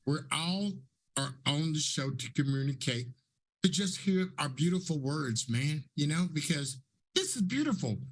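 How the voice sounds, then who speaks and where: A raspy man in his fifties speaks on a panel in a fairly high voice. He is effusive and preachy and repeats his phrases for emphasis. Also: big pitch swings, a little slow. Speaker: panelist and talk show host. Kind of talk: casual panel talk.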